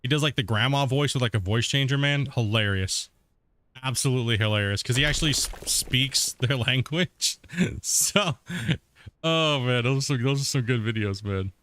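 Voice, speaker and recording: A man's voice: medium pitch, moderate pace. Laid-back man streaming a game. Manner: relaxed, rambling, laughs often. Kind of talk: casual live-stream commentary.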